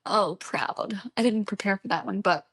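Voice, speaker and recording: Casting: young woman, podcast co-host, gravelly fry in the voice, dry close sound. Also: mid-range voice, normal speed, fairly bright tone, no echo. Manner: chatty, laughs while telling stories. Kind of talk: casual chat.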